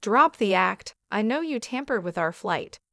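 A woman's voice: medium pitch, lively intonation, a little slow, vocal fry, a bit bright, no echo, clean studio sound. A woman voicing an angry, scheming mother-in-law who talks in a hostile, threatening way. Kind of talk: storytelling dialogue.

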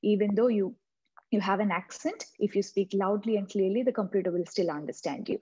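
An earnest woman tutor with a non-native English accent teaches an exam-prep lesson, circling back to repeat each key point. Her voice is mellow and a little husky. The recording sounds dull and lo-fi. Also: medium pitch, a little fast. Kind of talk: instructional tutorial.

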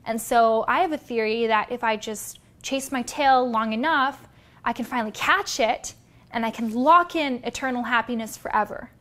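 Woman doing an eager little kitten, naive, earnest, higher voice. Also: normal speed, bright, forceful tone.

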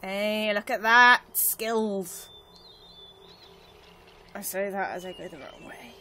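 A woman chatting through a video game, self-mocking, with sudden excited cries. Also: medium pitch, slow, a little hiss or hum. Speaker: let's play gamer. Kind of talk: casual gameplay commentary.

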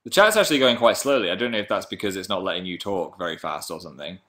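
A man's voice: sits low, lively intonation, rapid-fire, pushed and bright. A man hosting a casual livestream, chatting playfully and reading viewer comments aloud. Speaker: livestream host.

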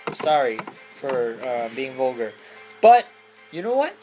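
A young woman giving goofy, rambling commentary over a video game, often breaking into loud squeals and silly voices. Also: rumbling low, very animated, measured pace, music in the background, rough recording. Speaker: let's play commentator.

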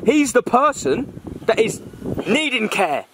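A man leading a scripted street film, confronting people and telling them to calm down, outdoors in town. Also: extremely high pitch, slow pace. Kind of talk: acted first-person drama. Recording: outdoor noise, traffic.

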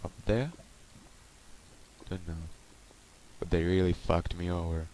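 A low-voiced man talks through his gameplay at an unhurried pace, addressing the monsters as if they were people. He swears freely and sometimes drops to a quiet murmur. A steady noise hangs clearly under the recording. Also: rough recording. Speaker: Let's Play host. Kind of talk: gameplay commentary.

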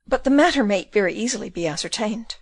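A woman's voice: mid-range voice, expressive, fast talker, no echo. A woman reading an audiobook, voicing a pompous, genteel middle-aged male burgomaster who talks down to people. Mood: assured. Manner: pompous, condescending.

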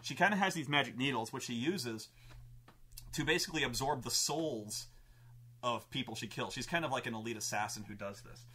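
A man, host and game master, telling a tabletop campaign story in an excitable, profane way with many restarts. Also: medium pitch, brisk, slightly rough.

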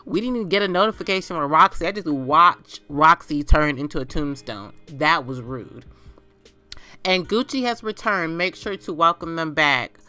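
A woman's voice: deep voice, moderate pace, bright, forceful tone. A woman hosting a let's play on her gaming channel, talking through the game in a dramatic, exclaiming way.

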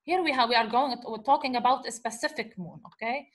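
High-voiced woman teaching grammar step by step. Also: fairly quick. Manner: repeats herself, asks and answers her own questions, says "okay" often. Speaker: Arabic teacher. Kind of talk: explaining grammar lesson.

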